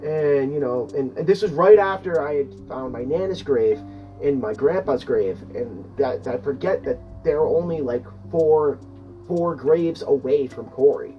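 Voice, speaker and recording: A storyteller recounts events in a loose, animated way, pitch swinging widely and full of curses and restarts. The voice sounds a little distant from the mic. Faint guitar music plays behind. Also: unhurried, dull audio. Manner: animated, profane, rambling with restarts. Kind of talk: casual personal storytelling.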